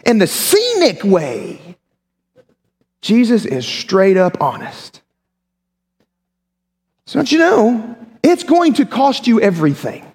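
A man preaching with a high, swooping voice that climbs and drops all over the place. He keeps it conversational and slips in joking asides. A long reverb trails every phrase, as if he is speaking in a big church hall. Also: slow, long pauses. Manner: animated and conversational, with humorous asides. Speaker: pastor. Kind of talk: sermon.

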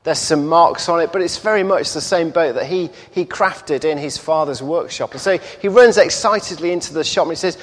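A man preaching, telling a parable in an unhurried storytelling manner with small repetitions. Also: fairly high pitch. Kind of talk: sermon storytelling. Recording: echoey hall reverb.

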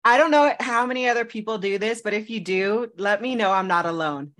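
A woman co-hosting a podcast in casual chat, telling stories in an animated, laughing way. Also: medium pitch, a little fast. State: engaged to be married. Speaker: podcast co-host.

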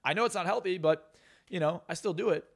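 Brash, fast-talking young man. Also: high voice. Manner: profane, brash and emphatic. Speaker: guest, hypnotist and success coach. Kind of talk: blunt podcast interview talk.

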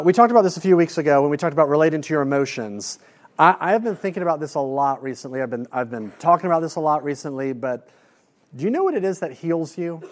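A man preaching a sermon, earnest, repeating words as he builds a point and dropping soft and slow on key lines. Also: fairly high pitch. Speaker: pastor.

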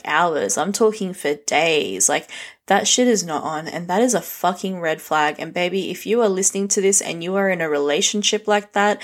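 A young woman vlogging, giving a blunt, frank rant full of swearing. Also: on the low side. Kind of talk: casual rant to camera.

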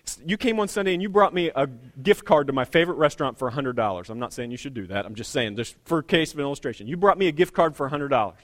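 A man with a fairly high voice preaches in a relaxed, conversational way, teasing the congregation with quick jokes. He drags out key words to hammer home a point. The sound is dry and close. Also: no room sound. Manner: conversational preaching, joking asides, slowing for emphasis. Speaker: pastor. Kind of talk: sermon.

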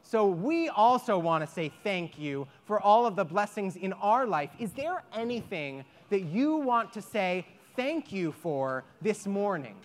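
Animated woman telling children a story. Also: mid-range voice, measured pace, hardly any pauses. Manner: animated, inviting the audience to join in. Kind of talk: telling a folk tale to children. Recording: echoey hall.

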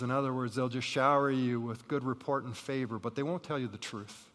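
A man preaching a sermon as pastor, telling Bible stories with lively acted voices and saying he has jet lag. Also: mid-range voice, brisk, hardly any pauses. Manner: animated storytelling, acting out Bible figures with rising voice. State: jet-lagged. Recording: reverberant hall.

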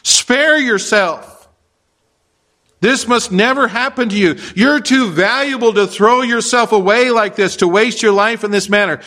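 Man acting out Peter, pleading, urgent, protective, raised pitch. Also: a little slow, sharp tone. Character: the apostle Peter, earnest man pleading with his teacher.

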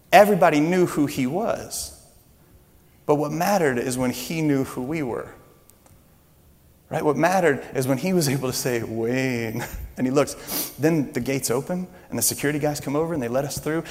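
A man preaching a sermon as pastor, telling a story with animated energy that builds when excited. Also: fairly high pitch, long reverb tail.

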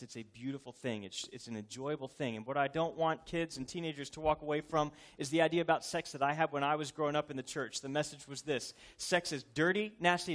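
A man's voice: fairly high pitch, fairly bright tone. A man in his thirties, a pastor, preaching a sermon in a conversational, joking yet earnest way.

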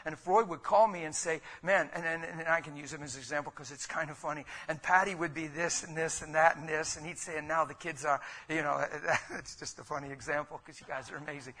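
Animated preacher man with a bright voice. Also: fairly high pitch. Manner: animated, rhetorical, with sudden loud bursts; conversational, calls listeners "man" and "guys". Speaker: pastor. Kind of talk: sermon.

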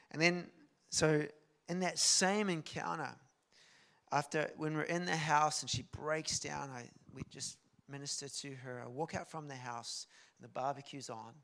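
Gravelly New man preaching. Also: on the high side, a little slow. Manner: animated storyteller, swings from soft to loud. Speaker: guest preacher. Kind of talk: sermon storytelling.

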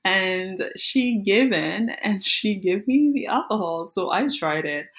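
A woman, around her late twenties or thirties, casually telling a personal story with many fillers and restarts, in a reflective, soft-spoken way. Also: medium pitch, lively intonation, slow pace.

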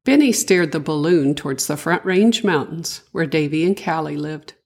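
An older woman, a grandmother, narrating a children's story in a gentle, sing-song way with a breathy voice. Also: deep voice, lively intonation, moderate pace.

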